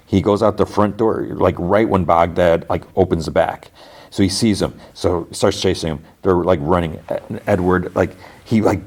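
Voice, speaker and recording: Deep-voiced guy doing a podcast episode recap, says like a ton, talks through the scenes. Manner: rambling retelling packed with "like", acting out dialogue. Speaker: podcast host.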